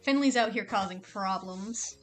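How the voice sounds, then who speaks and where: A woman's voice: mid-range voice, faint music behind. Rambling, joking woman streamer. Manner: rambling, joking, fast with fillers. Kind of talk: casual chat while reading a visual novel aloud.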